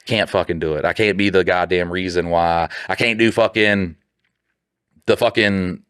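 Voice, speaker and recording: A low-pitched man holds forth in a casual podcast chat, swearing freely and getting worked up. He acts out both sides of past conversations as he rants, and his voice sounds close and dry, with no room around it. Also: fairly even intonation, normal speed, a bit bright, clean tone, dry recording. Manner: heated, profane ranting, often drops into quoted dialogue. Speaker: podcast co-host.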